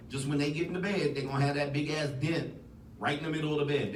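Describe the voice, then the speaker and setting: A man hosting a casual livestream podcast, joking and rambling with frequent laughs. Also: medium pitch. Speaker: podcast host. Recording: echoey, distant mic, loud noise.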